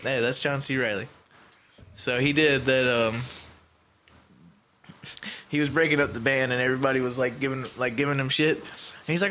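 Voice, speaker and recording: A man chatting on a podcast in a loose, profane, rambling way that gets excitable. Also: mid-range voice, moderate pace, long pauses, a little hiss or hum. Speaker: podcast co-host. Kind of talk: casual chat.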